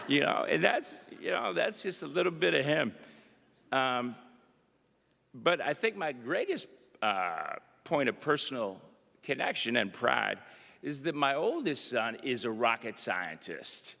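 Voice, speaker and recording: Gravelly, bright-voiced man speaking in a hall. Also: mid-range voice, big pitch swings, measured pace. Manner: folksy, chatty storytelling with frequent "you know" and "uh". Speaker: government undersecretary giving remarks. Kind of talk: public speech with anecdotes. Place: university event hall. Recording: long reverb of an event hall.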